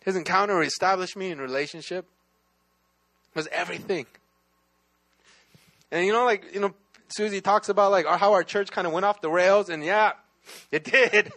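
A man's voice: high voice, normal speed, long pauses, a bit bright. Man preaching a personal testimony, conversational. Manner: conversational, many restarts and "right?" asides. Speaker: pastor. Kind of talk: sermon testimony.

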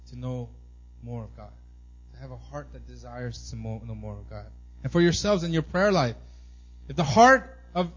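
A medium-pitched male voice comes through lo-fi sound. It belongs to a pastor in his thirties giving a conversational sermon, animatedly recounting family stories, often asking "right?", and acting out his son's excited squeals.

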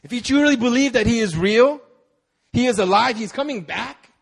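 A man's voice: very high voice, expressive, normal speed, gravelly, slightly rough. A young man preaching a sermon, telling a personal story with many fillers and repeated words. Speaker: pastor.

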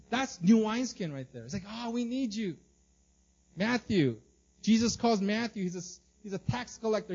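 A male pastor preaches with a high, lively voice, slipping into the voices of the people in the story as he goes. He repeats and restarts his words often. The recording sounds slightly dull. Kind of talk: sermon.

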